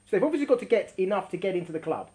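A woman's voice: mid-range voice, animated, rapid-fire, warm tone. A woman teaching a class, reading from a text and explaining it, and stretching out words for emphasis.

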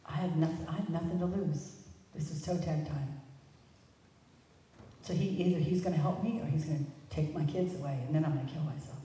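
A middle-aged woman sharing a personal recovery testimony with an audience, telling her story in an animated way and laughing at herself. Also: low voice, fairly quick, slight background noise. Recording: echoey hall, mic far off.

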